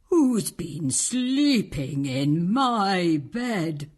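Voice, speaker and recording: A man doing a high breathy mama bear. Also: sing-song, extremely slow, exaggerated voice. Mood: dismayed. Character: fussy mother bear, grown woman. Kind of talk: storybook read-aloud.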